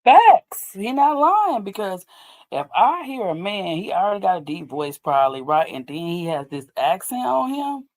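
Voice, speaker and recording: Brief: woman host in casual chat, lively swings up into a high voice, recorded dry and close. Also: moderate pace, no room sound. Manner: animated, swooping up high when excited. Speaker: podcast host. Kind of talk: casual chat reacting to clips.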